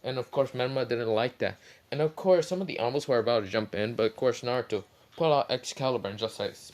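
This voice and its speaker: A man's voice: mid-range voice, quick pace, darkish tone. A man casually retelling a fan story, rambling with many fillers and some swearing.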